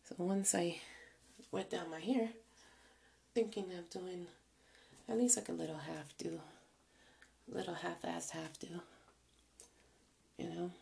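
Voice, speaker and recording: A tired, out-of-breath young woman talking casually while doing her hair, slowly and softly, often dropping to a whisper. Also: on the low side, creaky. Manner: slow, soft, often trailing into whispers. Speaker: vlogger.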